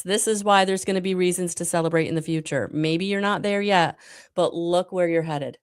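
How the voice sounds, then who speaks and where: A woman giving live tarot readings to viewers, talking in a soft, spiritual way with many pauses and ums. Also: on the low side, fairly even intonation, clear, resonant tone. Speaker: tarot reader.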